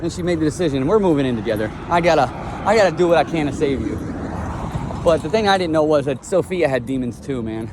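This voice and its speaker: A fast-talking young man from Florida tells his own story in a blunt, rambling way and swears often. His voice sits a bit high for a man. Faint traffic and street sounds come from outdoors. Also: lively intonation. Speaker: vlogger telling his life story. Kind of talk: casual storytelling monologue.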